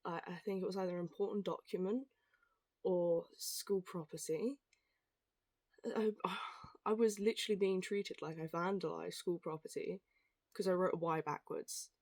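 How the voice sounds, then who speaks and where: A young woman telling stories in a casual, animated rant, swearing and acting out what others said. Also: fairly low pitch, no room sound. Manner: animated, swearing, quick asides, acts out quoted voices. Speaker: vlogger.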